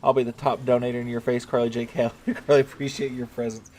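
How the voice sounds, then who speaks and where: A man's voice: mid-range voice, little pitch movement, fast, a little mellow, a little hiss or hum. A man chatting casually on a live game stream, joking with his chat and swearing now and then.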